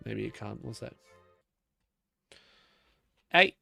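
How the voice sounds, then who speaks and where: A man's voice: fairly low pitch, lively intonation, takes it slowly, gravelly, sharp tone, soft background music. A young man chatting casually on a live stream, swearing freely, laughing often and talking to his cat between comments.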